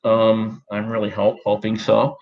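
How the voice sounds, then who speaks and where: A man in his thirties from Australia, talking in a put-on American accent in a halting, rambling personal monologue full of restarts and fillers. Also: fairly low pitch, completely flat delivery, phone-quality sound. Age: 30s. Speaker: vlogger. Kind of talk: personal talk to camera.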